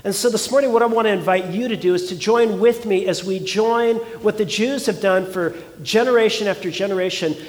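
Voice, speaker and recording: A man's voice: high voice, brisk, few pauses, big-room sound. A man preaching a sermon as pastor, earnest and conversational, often asking his congregation rhetorical questions.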